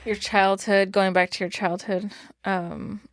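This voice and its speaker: A woman podcast host in casual conversation, speaking softly and nudging her guest with short follow-up prompts. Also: mid-range voice, little pitch movement, unhurried, no echo, clean studio sound.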